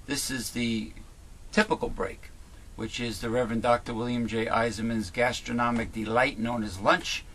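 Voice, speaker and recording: A man's voice: medium pitch, steady tone, normal speed, fairly bright tone, a little hiss or hum. Rambling, chatty male talk show host. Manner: rambling, chatty, many fillers and restarts. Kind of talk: casual talk show chat.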